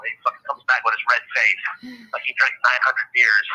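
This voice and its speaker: A man on a call from jail, venting casually in a fast, profane, heated rant. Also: mid-range voice, fairly even intonation, sharp tone, husky. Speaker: caller on the show from jail. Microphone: phone call. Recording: tinny phone line.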